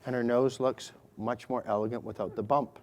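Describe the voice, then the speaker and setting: A man's voice: medium pitch, steady tone, normal speed, darkish tone, slight background noise. A middle-aged man, a surgeon, narrating a live procedure demonstration to an audience, explaining each step with chatty, joking asides.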